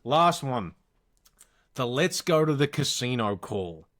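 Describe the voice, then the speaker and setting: This Australian man in his thirties co-hosts a podcast, speaking slowly at a medium pitch. In casual chat he tells rowdy stories with real animation, swearing constantly.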